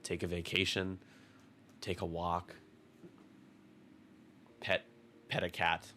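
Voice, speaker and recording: A man with a very low voice casually commentates a tabletop game match on a stream. He talks in a loose, rambling way and restarts his sentences often. A faint noise sits behind him. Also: level tone, takes it slowly, bright, forceful tone. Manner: chatty, rambling, with frequent restarts.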